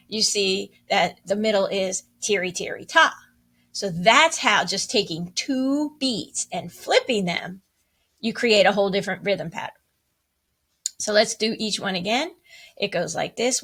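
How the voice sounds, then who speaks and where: Slow, encouraging woman music teacher. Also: medium pitch, bright, forceful tone. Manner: slow, encouraging, counts and chants rhythms aloud. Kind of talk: online music lesson.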